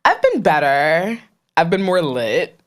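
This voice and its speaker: A young woman from Trinidad co-hosts a relaxed podcast conversation. Her voice swings widely in pitch as she jokes and laughs between points. The talk is loose and friendly. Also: slow pace. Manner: animated, laughs often, playful asides. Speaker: podcast co-host. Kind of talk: casual chat.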